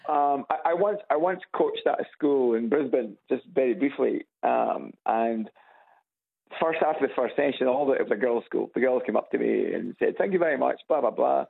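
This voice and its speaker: Man, Edinburgh Scottish accent, radio caller, husky voice, tinny phone line, chatty, repeats himself. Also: mid-range voice, normal speed. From Scotland. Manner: chatty, repeats words as he restarts. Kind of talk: casual phone-in chat. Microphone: telephone.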